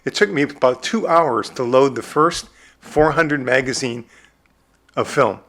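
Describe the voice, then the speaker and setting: A man's voice: medium pitch, unhurried. A man in his sixties from the American Midwest, a film director telling stories from his career in a casual interview and acting out what people said. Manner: animated storyteller who acts out his own quotes.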